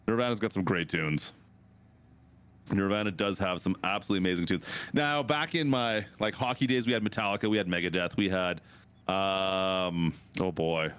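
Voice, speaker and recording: A Canadian man in his thirties, a streamer rambling casually with his chat, his pitch jumping up for reactions. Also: fairly even intonation, normal speed, fairly bright tone, smooth. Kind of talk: casual chat with chat while gaming.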